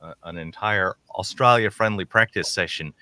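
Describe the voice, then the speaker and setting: A man's voice: low voice, normal speed, pushed and bright, no echo. A man co-hosting a call-in show, talking in a chatty, rambling way with many restarts. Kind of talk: casual chat.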